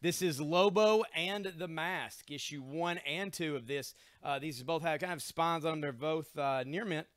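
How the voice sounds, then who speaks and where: Store host, male, slightly high voice, dry close sound; chatty live-sale patter rattling off comic issues and prices with a joke here and there. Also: moderate pace, few pauses, clear, resonant tone, dry recording. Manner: chatty, joking, reels off comic details and prices. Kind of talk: live-stream sales pitch.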